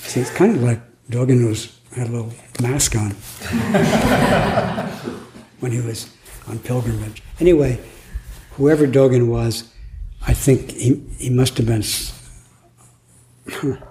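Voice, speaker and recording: A man's voice: mid-range voice, lively intonation, slow, pauses often, darkish tone. A man giving a Zen dharma talk at a retreat, musing aloud in a playful way and laughing now and then. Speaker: Zen teacher. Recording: echoey room, faint noise.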